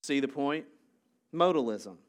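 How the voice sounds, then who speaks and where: A man's voice: medium pitch, expressive, a little slow. A male pastor giving a sermon in a conversational way, explaining ideas step by step with joking asides.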